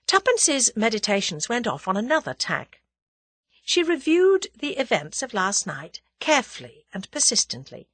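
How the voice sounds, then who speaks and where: A woman narrating a novel as an audiobook in a measured, expressive reading. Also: medium pitch, breathy edge, dry recording. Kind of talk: scripted narration.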